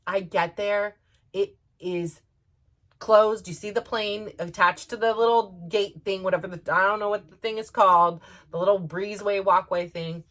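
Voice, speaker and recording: A middle-aged woman, a mother and podcast host, telling a story in a casual, animated, rambling way with lots of fillers and restarts. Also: medium pitch.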